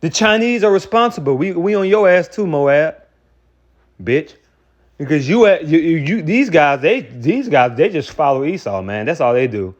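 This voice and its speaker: On a dull lo-fi recording, a man whose voice sits a little high rants as a street preacher, animated and at a moderate pace. His sermon is heated and profane, full of repeated and restarted words.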